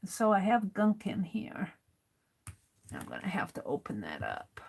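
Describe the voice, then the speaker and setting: A woman's voice: medium pitch, huge pitch swings, measured pace, vocal fry, background noise. An American woman hosting a craft livestream, chatting casually and muttering to herself as she sorts through supplies.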